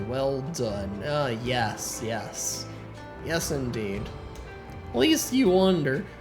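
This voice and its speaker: Brief: unhurried streamer, rambling commentary, game music clearly behind. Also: medium pitch. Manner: rambling, hums and mumbles to self. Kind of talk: casual gameplay commentary.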